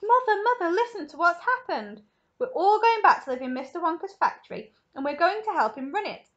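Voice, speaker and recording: Woman voicing an excited young boy, breathless, high-pitched, loud, storybook reading. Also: normal speed, highs cut off.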